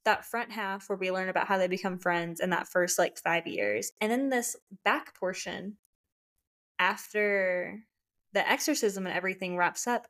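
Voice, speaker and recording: A woman's voice: medium pitch, normal speed, fairly bright tone. A young woman co-hosting a podcast, chatting enthusiastically about a book with lots of filler words. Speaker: podcast co-host. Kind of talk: casual book chat.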